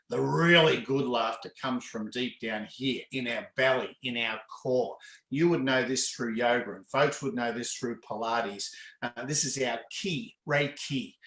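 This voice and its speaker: A man of middle pitch teaching laughter exercises, lively and quick to burst into hearty laughter. His voice carries a roomy echo. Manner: animated, breaks into hearty laughs. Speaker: laughter yoga facilitator. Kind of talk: explanatory demonstration in an interview.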